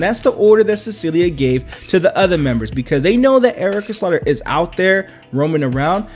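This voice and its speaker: Slangy animated comic book recapper. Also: medium pitch, a little fast, hardly any pauses, soft background music. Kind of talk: casual comic recap narration.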